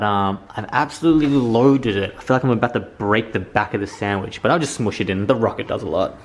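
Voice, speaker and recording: A young man with a fairly low voice talks his way through cooking in his home kitchen. He is chatty and excitable and swears freely, as though speaking to friends. He is recorded on a camera mic. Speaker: vlogger. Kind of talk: casual cooking vlog.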